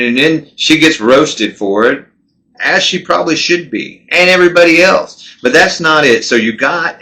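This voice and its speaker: Bright-voiced indignant male commentator. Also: medium pitch. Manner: indignant, conversational, with many restarts. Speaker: political commentary host. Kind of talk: casual political commentary.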